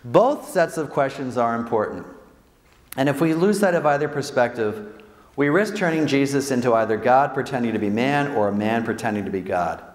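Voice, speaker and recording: A man, a Jesuit priest, giving an animated, joking talk to an audience, acting out quotes and often tagging lines with "right?". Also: medium pitch, moderate pace. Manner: animated, jokey, acts out quotes, frequent "right?" tags. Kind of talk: lively faith talk to an audience. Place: large hall with audience. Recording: echoey hall with long reverb.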